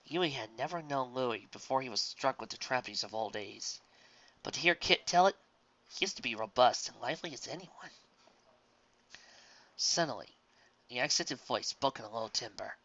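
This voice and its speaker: A man reads a story aloud in a plain, even way. His voice is bright and forceful. The recording is dull and lo-fi. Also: mid-range voice, moderate pace, pauses often. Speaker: reader. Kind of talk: reading fan fiction aloud.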